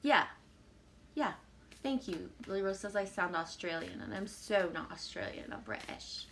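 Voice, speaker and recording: Relaxed woman live-streaming at home. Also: medium pitch, a little slow, slight background noise. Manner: reads viewer comments aloud and answers them; relaxed, rambling, with frequent fillers and soft laughs. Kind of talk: casual live-stream chat.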